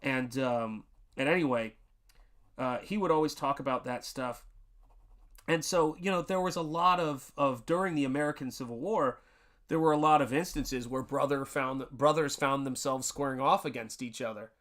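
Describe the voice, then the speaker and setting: Rambling, chatty Tennessee-raised streamer. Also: male voice, mid-range voice, normal speed, a bit bright. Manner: rambling and chatty, greets viewers in chat. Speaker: livestreaming artist. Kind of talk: casual livestream chat.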